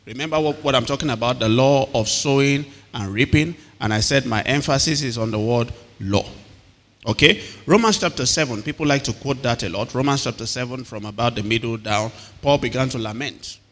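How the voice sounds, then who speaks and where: A male pastor preaching to his congregation and drawing answers back from them. His voice is bright and forceful, at an ordinary pitch for a man. Long reverb trails off every phrase, as in a large hall. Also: brisk. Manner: calls to the congregation for responses. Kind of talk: sermon.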